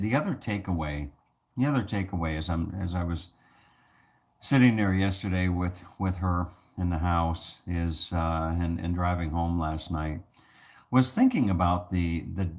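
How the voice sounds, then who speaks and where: A man's voice: low-pitched, a little mellow. A man talking to camera in a casual, rambling vlog, full of fillers and restarts. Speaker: vlogger.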